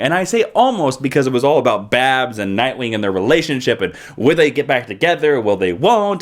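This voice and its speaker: A man reviewing comic books in a casual, joking vlog with quick asides. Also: a little high.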